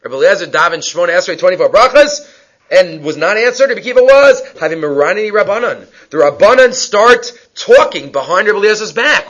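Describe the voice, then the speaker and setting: A man's voice: high-pitched, lively intonation, fast talker, fairly bright tone. A man teaching a Talmud class, reading Aramaic lines and explaining them in English, asking and answering his own questions. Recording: dull lo-fi recording.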